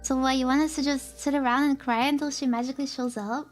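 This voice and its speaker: A woman's voice: sits high, steady tone, fast, faint music behind, lightly acted. A woman voicing a blunt, impatient young man. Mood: exasperated. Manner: curt, exasperated.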